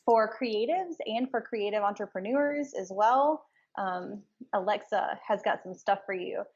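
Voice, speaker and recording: A woman's voice: mid-range voice, a little slow, darkish tone, lo-fi sound. A woman hosting a casual podcast interview, thanking her guest and asking easygoing questions. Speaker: podcast host.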